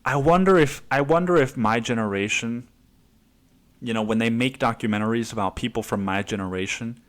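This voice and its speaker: A man in his twenties hosting a podcast, rambling casually with lots of swearing and laughter. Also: lowish voice. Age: 20s. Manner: rambling, profane, laughs often. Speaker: podcast host. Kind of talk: casual monologue.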